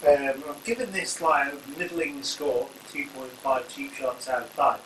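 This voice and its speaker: A channel host reviewing wrestling talks in a medium-pitched, slightly bright voice, a little slow, as he rambles casually through jokes and tangents. The recording carries echo from the room, a distant mic and a faint hum.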